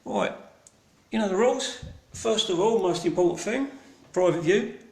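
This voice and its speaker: Speaking at a moderate pace, this fairly high, slightly mellow male voice echoes around the room. He's a broad Cockney hosting an online gallery private view as a casual livestream, rambling with plenty of ums and restarts and swearing cheerfully.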